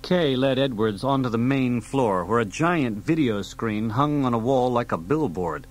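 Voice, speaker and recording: A man reading an audiobook aloud in a steady storytelling delivery. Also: medium pitch, a little slow, rough recording. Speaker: audiobook reader. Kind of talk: audiobook narration.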